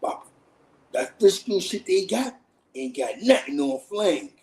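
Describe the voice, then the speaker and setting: A man voicing a smooth-talking male street dealer who is coaxing and hyping up his product. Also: high voice, sing-song, measured pace, a little mellow, pitched above the performer's own voice, full character voice.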